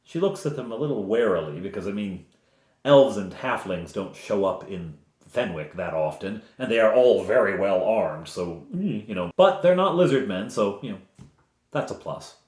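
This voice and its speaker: A man narrating a tabletop game as game master, relaxed and rambling, with fillers. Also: lowish voice, normal speed, echoey room.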